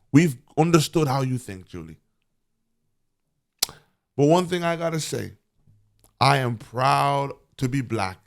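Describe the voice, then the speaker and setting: A male vlogger speaks straight to his audience in a fairly high, gravelly voice with plenty of vocal fry. His commentary is earnest and preachy, and he hammers points home by repeating phrases. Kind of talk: impassioned commentary to camera.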